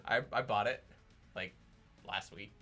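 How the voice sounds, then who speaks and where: A man's voice: fairly low pitch, unhurried, sharp tone, faint music behind. A man co-hosting a casual film podcast, teasing his partner and telling stories. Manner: chatty, teasing, tells stories. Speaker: podcast co-host. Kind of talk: casual chat.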